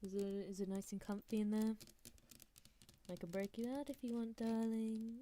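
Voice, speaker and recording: A woman's voice: a little high, level tone, normal speed, dark tone, a little hiss or hum, voice pushed up, lightly acted. A woman doing a coaxing possessive whispered role-play. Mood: teasing.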